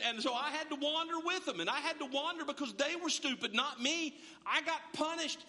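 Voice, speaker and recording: A preacher acting out a fierce old warrior of 85. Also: male voice, extremely high pitch, bright, forceful tone, full character voice. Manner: boastful, indignant. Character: defiant 85-year-old man, warrior, fierce. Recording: long hall reverb.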